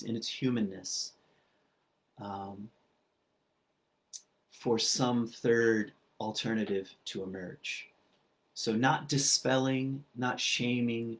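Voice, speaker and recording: Male speaker, low register, reflective halting sermon delivery. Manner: thoughtful, many ums and restarts, repeats phrases. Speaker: speaker at a spiritual community.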